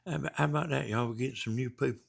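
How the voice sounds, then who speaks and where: This Georgia livestream host talks rapid-fire with a Southern accent, his medium-pitched voice husky and full of vocal fry. He chats casually, going through viewer comments in a rambling, folksy style.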